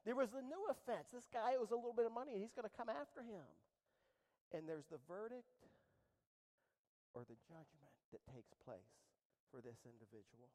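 Woman preaching with lively, dramatic delivery. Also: on the high side, moderate pace, low-quality recording. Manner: dramatic storytelling, acting out quotes. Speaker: pastor. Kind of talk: sermon.

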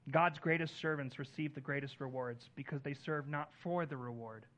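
High, bright-voiced preaching man. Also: moderate pace. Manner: earnest preaching, rises on key lines and drops soft on others. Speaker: pastor. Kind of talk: sermon.

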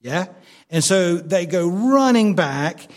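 A man's voice: high voice, lively intonation, slow pace. A male pastor preaching a sermon earnestly, with frequent stammered restarts and repeated phrases.

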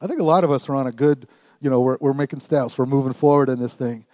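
A man preaching a lively sermon, calling out to his congregation and swinging from quiet asides to loud emphatic lines. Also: mid-range voice, quick pace, no room sound. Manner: animated, call-and-response with congregation. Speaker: pastor. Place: church.

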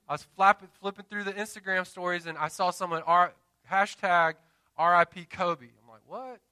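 Pastor, man, 30s; passionate sermon delivery with call-and-response asides, tense, sharp tone, close and dry. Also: high-pitched, fairly even intonation, smooth, dry recording. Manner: impassioned preaching with dramatic pauses and call-and-response asides. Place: church.

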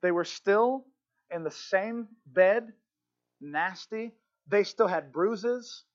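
A male pastor preaching a sermon, telling a story with passion and moving from hushed lines to shouts. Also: sits high, slow pace, highs cut off.

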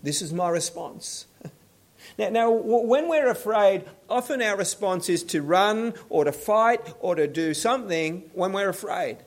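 A man preaches slowly and earnestly, his voice sitting a little high for a man. He stumbles and restarts phrases and often falls to a hushed, pleading tone. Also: expressive. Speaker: pastor. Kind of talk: sermon.

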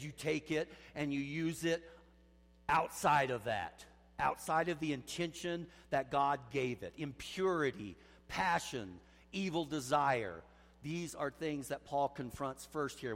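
A man preaching a sermon as pastor, swinging from quiet intensity to loud pleading emphasis. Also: mid-range voice, long reverb tail.

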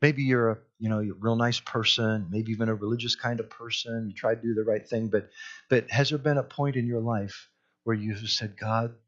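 A man's voice: on the low side, steady tone, fairly quick, highs cut off. A man preaching a sermon, earnest, who repeats his key phrases and rises into urgent pleas. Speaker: pastor.

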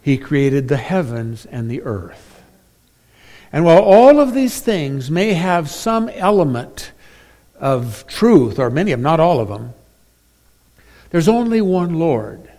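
A man preaching a sermon as pastor, emphatic, swinging between loud stressed phrases and quiet drops. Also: on the high side, sing-song, slow, pauses often.

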